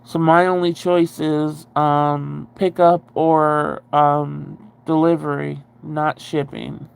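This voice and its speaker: A woman's voice: sits low, steady tone, slow pace, vocal fry, clear, resonant tone. A woman hosting a casual livestream, rambling and chatty as she answers viewer comments and swears freely. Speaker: livestream host.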